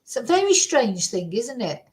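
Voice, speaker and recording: Fairly high-pitched and very animated, a woman talks at normal speed over a rough recording. She hosts a true crime channel, chatting casually to viewers through a desk computer mic, rambling along with plenty of "you know" and tag questions.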